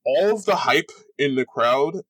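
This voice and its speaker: A man's voice: fairly high pitch, expressive, measured pace, a bit bright, no room sound. A young man narrating a tabletop game as game master, rambling and full of fillers.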